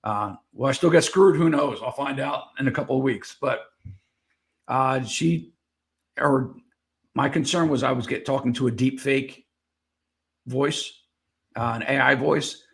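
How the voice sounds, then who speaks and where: Podcast guest, male, gravelly voice, mid pitch, loose rambling storyteller who corrects himself. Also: measured pace, pauses often. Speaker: guest, veteran board game seller. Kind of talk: casual interview storytelling.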